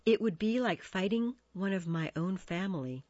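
A woman's voice: medium pitch, animated, moderate pace, darkish tone, no room sound, lightly acted. An earnest young man, eager in love and grave when pressed, as a woman reading a story puts him on. He speaks sincerely, a little above the narrating voice. Dry, dull recording. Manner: earnest, pleading.

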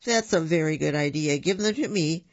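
Man putting on a boastful jungle tiger, slow and pleased with himself, a bit gravelly, on a dull lo-fi recording. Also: on the high side, natural voice. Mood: menacing, smug. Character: boastful hungry male tigers.

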